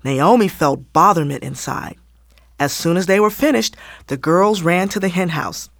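A woman reading a children's story aloud in an expressive, animated way. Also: on the low side, normal speed.

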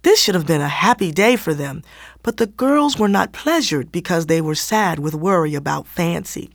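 Expressive woman reading a children's story. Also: lowish voice, moderate pace, gravelly, no echo, clean studio sound. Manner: expressive, animated.

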